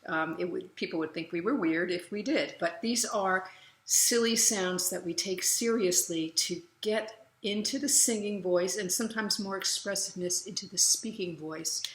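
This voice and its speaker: Woman voice coach, middle-aged, relaxed and chatty, bright tone, roomy echo. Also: fairly low pitch. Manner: relaxed, chatty, with loud vocal demo sounds. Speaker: voice teacher. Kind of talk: casual voice lesson with demonstrations.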